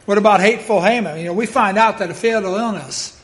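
A male preacher with a notably high voice for a man, preaching a sermon. He is dramatic and emphatic, rising to loud declarations and then dropping into hushed, solemn asides. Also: fast talker.

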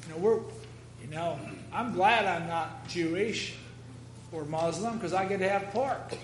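A man's voice: sits high, a little slow, slight background noise. A man preaching a sermon, emphatic, quoting scripture and dropping wry jokes.

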